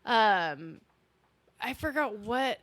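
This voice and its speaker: A woman's voice: a little high, expressive, extremely slow, fairly bright tone, no echo. Chatty young woman recapping a film. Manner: chatty, swears, says yeah a lot. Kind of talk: casual chat retelling a movie.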